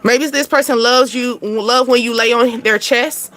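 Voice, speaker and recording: A woman's voice: on the high side, steady tone, measured pace, a bit bright. A woman, giving a casual spiritual tarot card reading in a chatty, repetitive way with frequent laughs.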